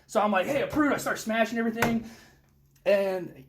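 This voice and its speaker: A young man hosting a podcast, telling war stories in casual chat, animated and full of cursing. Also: sits high, normal speed, background noise. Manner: animated, profane storytelling. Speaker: podcast host.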